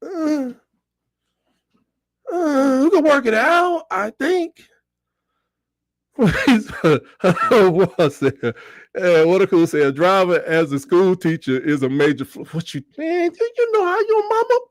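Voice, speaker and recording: A middle-aged man talks through a casual sports livestream, joking and reading chat comments aloud. His pitch sits high and swings widely as he talks, often jumping into squeals. The sound is dry and close, with no room behind it. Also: sing-song, takes it slowly, dry recording.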